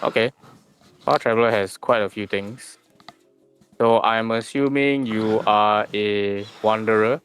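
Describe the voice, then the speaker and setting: A man with a low, smooth, resonant voice guides a player through building a character in a relaxed tabletop session. He muses aloud and hums little filler syllables while he thinks. Soft music plays faintly behind him. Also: unhurried. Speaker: game master. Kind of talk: casual tabletop session chat.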